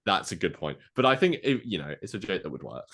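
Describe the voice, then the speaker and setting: A man co-hosting a podcast, rambling through a movie plot pitch with lots of fillers and acted-out quotes. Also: big pitch swings, brisk, vocal fry, a bit bright. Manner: rambling, filler-heavy, acts out quoted lines. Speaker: podcast co-host.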